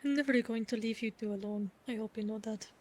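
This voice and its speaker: A woman voicing an awkward, earnest young woman adventurer in a tabletop role-play, speaking haltingly. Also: on the high side, fairly even intonation, a little mellow, natural voice. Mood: playful.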